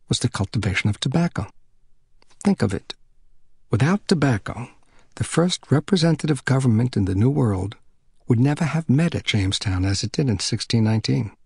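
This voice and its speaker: Brief: male audiobook narrator, steady delivery, dry close recording. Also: mid-range voice, normal speed, creaky, slightly rough, no echo.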